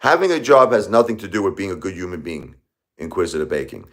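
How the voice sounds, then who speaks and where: A man's voice: deep voice, very animated, fast talker, fairly bright tone. A man hosting a live stream, lecturing and scolding his chat commenters in a confrontational, repetitive way. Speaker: livestream host.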